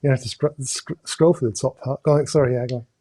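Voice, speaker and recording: A man hosts a relaxed live-stream raffle draw at a middling pitch. He chats loosely, pausing on hesitations and tossing in jokey asides. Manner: chatty, halting with many uh's, jokey asides. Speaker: host drawing raffle prizes. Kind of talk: casual live-stream chat. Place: indoors at home with a camera crew.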